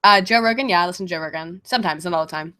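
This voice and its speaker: A woman casually chatting on a livestream Q&A, getting over a cold and clearing her throat, laughing often and swearing freely. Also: on the low side, racing, pushed and bright. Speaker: streamer answering viewer questions.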